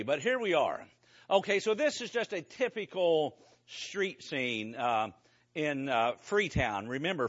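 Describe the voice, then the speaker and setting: A man preaching to a congregation, telling a lively story about a mission trip with casual asides to the listeners. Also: a little high, highs cut off. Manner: conversational, animated storytelling with asides to the audience. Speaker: preacher giving a mission report.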